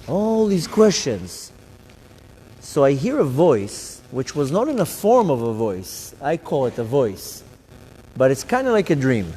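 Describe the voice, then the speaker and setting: In an unhurried, sing-song manner, a rabbi with a warm voice on the high side narrates his story to the congregation, performing his own thoughts and the voices of others. The live synagogue hall recording has long reverb and slight background noise.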